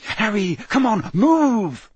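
A man's voice: mid-range voice, big pitch swings, normal speed, warm tone, breathy edge, dry recording, muffled recording. A man voicing a frightened teenage girl who pleads urgently and shakily. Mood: panicked.

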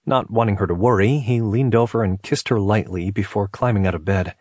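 A man reading a romance novel aloud as narrator, calm and even. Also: fairly low pitch, a little fast, breathy edge, dry recording. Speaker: audiobook narrator.

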